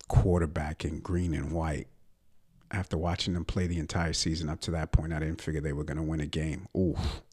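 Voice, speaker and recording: Deep-voiced profane ranting man. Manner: profane, ranting, drops into muttered asides. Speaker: podcast host and comedian. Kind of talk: casual solo sports rant.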